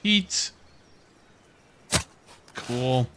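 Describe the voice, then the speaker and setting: Speaking extremely slowly in a mid-range, animated voice over a noisy background, this gameplay let's player chats casually through a survival game. He rambles and muses aloud, second-guessing himself with soft laughter and the occasional hiccup.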